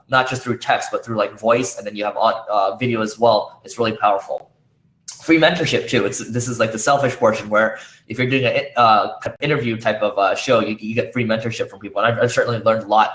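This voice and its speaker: Brisk and a little bright, a man's lowish voice fills a conference room with echo during his talk. His casual speech is full of fillers and restarts, and it sounds strained as he loses his voice.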